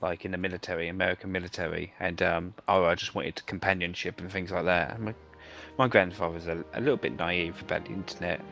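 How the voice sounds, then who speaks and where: Low-voiced man rambling a story. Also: steady tone, quick pace, creaky, a bit bright, faint music behind. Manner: rambling anecdote, many fillers and restarts. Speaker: gamer telling a story. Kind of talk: casual chat over gameplay.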